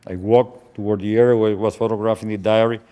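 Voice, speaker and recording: An older man whose first language is Spanish, recounting a past event in an interview as a slow, solemn storyteller who often stops and repeats words. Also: on the low side, little pitch movement, mellow, clean tone.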